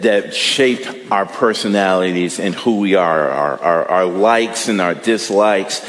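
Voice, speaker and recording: A man with a Midwestern US accent preaching a sermon as pastor, in a relaxed, conversational way with frequent fillers and repeated words. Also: sits low, in a large hall.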